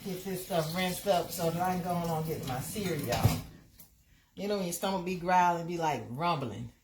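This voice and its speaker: Lady chatting on her live, kinda low voice, repeats stuff, little hiss behind. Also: normal speed. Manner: chatty, repeats herself, talks to viewers by name. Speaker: live stream host. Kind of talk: casual live-stream chat.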